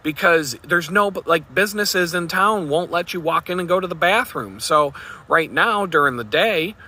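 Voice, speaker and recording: Blunt, profane man with a bright voice. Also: a little high, lively intonation, moderate pace. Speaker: vlogger. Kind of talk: casual vlog monologue.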